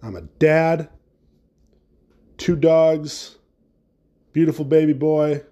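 Rambling crude podcast host, mellow voice. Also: male voice, on the high side, little pitch movement, slow. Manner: rambling, crude self-deprecating humor. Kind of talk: casual solo podcast rant.

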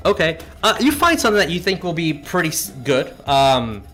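A man running a tabletop game as game master, narrating in a halting way with many fillers and frequent laughs. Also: a little high, sing-song, pushed and bright, soft background music.

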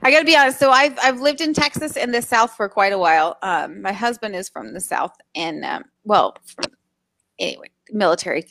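A woman co-hosting a casual chat show on a video call, talking with quick asides. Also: medium pitch, animated, creaky, a bit bright. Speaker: podcast co-host.

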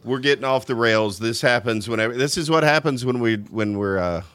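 A man with a Louisiana accent co-hosts a live podcast, chatting loosely in a medium-pitched, brisk, slightly bright voice with no room sound. He rambles, restarts his sentences often and chuckles along the way.

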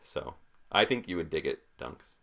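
A man's voice: extremely low pitch, sing-song, moderate pace, vocal fry, bright, forceful tone. A man in his twenties chatting casually about films, rambling with lots of "like" fillers. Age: 20s. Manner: filler-heavy, rambling with frequent "like". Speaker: podcast co-host. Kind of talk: casual chat about movies.

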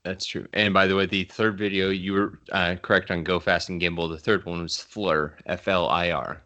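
Man, very low voice, podcast co-host, reads news aloud, dry wry chat. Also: flat delivery, moderate pace, pushed and bright, dull audio.

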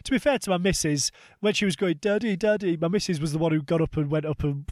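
A man in his thirties co-hosting a comedy podcast, telling animated stories and swearing freely. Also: fairly high pitch, fast, dry recording, studio quality. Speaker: podcast co-host. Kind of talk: casual comedic chat.

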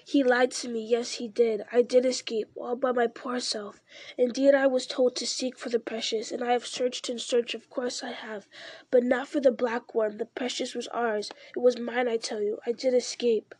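A woman's voice: a little high, flat delivery, a little mellow, slightly rough, no room sound. A woman reading aloud and voicing a wretched, sly male creature who hisses and wheedles. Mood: resentful. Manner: hissing, wheedling, slow.

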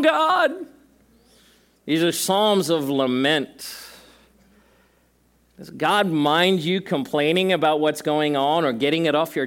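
A man's voice: a little high, a bit bright. A male pastor preaching a sermon to a congregation in a church service, talking conversationally with joking asides and emphatic repetition.

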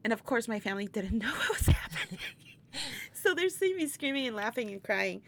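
A woman guest in a casual interview, telling a story in an animated way, laughing often and acting out what people said. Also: on the high side, fairly quick, creaky. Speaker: interview guest, burlesque performer.

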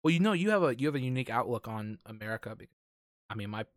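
A man hosts a casual conversation in an easygoing, curious way, often thinking aloud mid-sentence. His pitch is ordinary for a man. The sound is close and dry. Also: expressive, very fast, no room sound. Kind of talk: casual chat.

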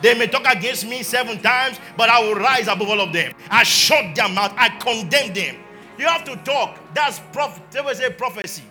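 A man's voice: extremely high pitch, animated, moderate pace, faint music behind. A man, a pastor preaching a sermon and calling his congregation to repeat declarations after him. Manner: calls the congregation to repeat declarations, swings from quiet talk to shouting.

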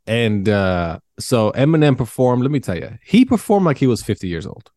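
A man's voice: mid-range voice, big pitch swings, normal speed, mellow, no room sound, studio quality. A young adult man co-hosting a casual podcast chat, laid-back and rambling, swearing now and then. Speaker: podcast co-host.

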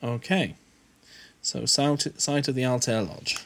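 A man's voice: mid-range voice, slow pace. A man swearing and muttering through casual commentary as he plays a game. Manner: sweary, animated, mutters under his breath. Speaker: gamer.

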